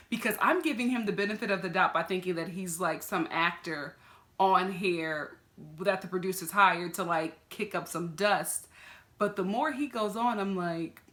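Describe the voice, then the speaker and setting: A chatty woman vlogger picks apart a reality TV episode in a sassy, animated way. Her voice is bright and forward. She speaks into a camera mic at desk distance. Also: mid-range voice. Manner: sassy, chatty, quick to laugh. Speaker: TV reaction vlogger. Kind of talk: casual reality-TV review.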